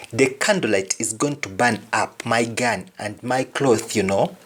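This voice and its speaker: Man, language teacher, emphatic delivery, repeats examples, medium pitch. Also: measured pace, hardly any pauses, fairly bright tone. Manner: emphatic, repetitive example sentences. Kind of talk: video lesson.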